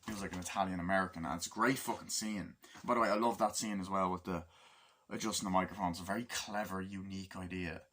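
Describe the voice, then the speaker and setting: A man's voice: low-pitched, steady tone, fast talker, fairly bright tone. A man giving a casual, rambling movie review. He swears freely and acts out scenes in quoted voices.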